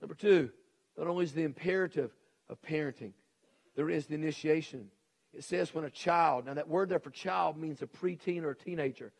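A middle-aged male pastor preaching a sermon, swinging between shouted emphasis and hushed intensity. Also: on the high side.

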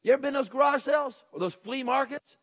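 A middle-aged male pastor preaching a sermon, swinging between shouted emphasis and hushed intensity. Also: very high voice, fast talker.

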